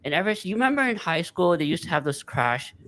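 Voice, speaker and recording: Male guest from California, plain mid-range voice, earnest and halting. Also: fairly high pitch, sing-song, bright, forceful tone. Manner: candid, hesitant, with uh's and restarts. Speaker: podcast guest. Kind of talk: casual chat.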